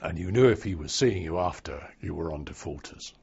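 An older man looks back in an oral history interview, unhurried and wry. His low voice is gravelly and a little husky. The recording sounds dull and lo-fi. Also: animated, a little mellow. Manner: slow, wry storytelling.

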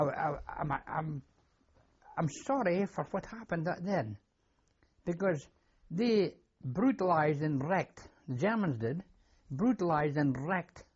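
An older man with a Scottish accent, interviewed as a war veteran for an oral history, shares memories simply and says things more than once. His voice has a fairly high pitch, a little mellow yet slightly rough, and the recording has its highs cut off.

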